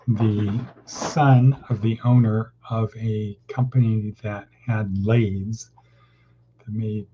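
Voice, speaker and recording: Rambling, husky-voiced man with a low-fi sound. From California. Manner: rambling, folksy, jumps between topics. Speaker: host of a daily motivational session. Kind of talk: casual morning talk. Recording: dull lo-fi sound.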